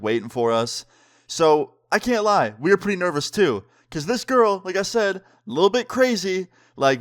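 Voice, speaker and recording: A man's voice: mid-range voice, clean tone, no room sound, studio quality. Young man telling a casual storytime. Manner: casual, slangy, heavy use of "like" and "dude"; acts out both sides of conversations. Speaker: vlogger. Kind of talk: storytime narration.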